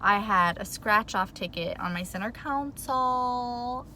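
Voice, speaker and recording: Worked-up woman vlogging from her car, bright voice, rambly, says like a lot, faint hum behind. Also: a little high, a little slow. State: flustered and worked up. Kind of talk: casual storytime vlog.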